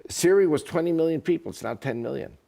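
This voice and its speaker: A man's voice: fairly high pitch, fast talker, creaky. A man talking as a guest in a casual interview, telling jokes and stories. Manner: animated, joking storyteller. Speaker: guest speaker.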